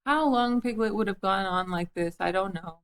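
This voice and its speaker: A woman reading a children's book aloud in a gentle, amused way. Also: medium pitch, normal speed, clean tone, poor audio. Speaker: storybook reader.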